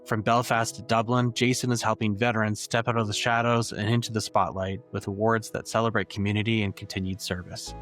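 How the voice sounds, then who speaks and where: Upbeat low-voiced podcast host. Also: male voice, flat delivery, fairly quick, hardly any pauses, fairly bright tone, soft background music. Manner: upbeat, polished presenter delivery. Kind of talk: scripted intro and interview questions.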